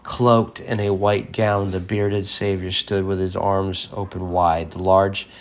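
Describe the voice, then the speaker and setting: A man's voice: low voice, flat delivery, slow. A man reading a horror story aloud in a plain voice, with casual asides and fillers. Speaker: reader.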